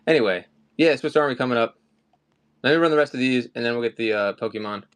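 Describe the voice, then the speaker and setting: A man's voice: medium pitch, fast talker, clean tone. A man hosting a live collectibles sale, chatting casually and rambling off topic between items. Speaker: live-stream collectibles seller. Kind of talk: casual live-stream chat.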